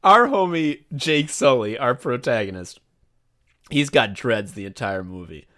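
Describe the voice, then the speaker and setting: A man co-hosting a podcast in casual chat, animated, laughing often and swearing a lot. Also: mid-range voice, measured pace. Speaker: podcast co-host.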